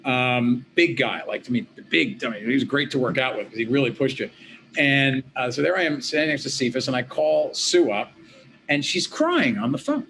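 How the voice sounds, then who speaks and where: Animated man telling his story. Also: medium pitch, moderate pace, vocal fry, a little hiss or hum. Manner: animated, acts out quoted dialogue. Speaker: guest, former state senator and law professor. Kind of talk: conversational interview storytelling. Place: home office at a desk.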